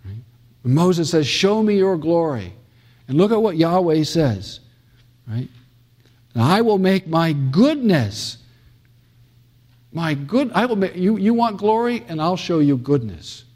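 A man's voice: a little high, big pitch swings, slow, long pauses, darkish tone. A middle-aged man from the United States giving a classroom theology lecture, emphatic, with many fillers and restarts and dramatic quoting.

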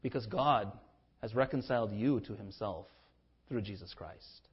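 A man preaching a sermon with impassioned swings in pitch and loudness, sometimes acting out the speakers in his text in a conversational voice. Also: a little slow, slightly rough, highs cut off. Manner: acts out biblical speakers in a conversational voice. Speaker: pastor.

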